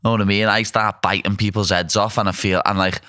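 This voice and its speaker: A man's voice: fairly low pitch, flat delivery, brisk, sharp tone, no room sound, studio quality. A young man with a Liverpool accent hosting a casual chat, blunt and self-deprecating. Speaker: podcast host.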